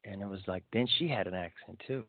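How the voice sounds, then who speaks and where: A man's voice: low voice, fast, no room sound. A man hosting a call-in radio show, playful and joking with his co-hosts and callers. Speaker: radio host. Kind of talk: casual chat. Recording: tinny phone-like call-in radio.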